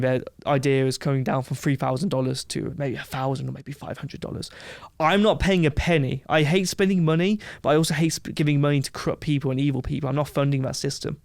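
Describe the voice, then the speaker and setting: A man from England, a podcast guest telling a brash, animated story in casual chat. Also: medium pitch, fast, creaky, few pauses, dry recording, studio quality.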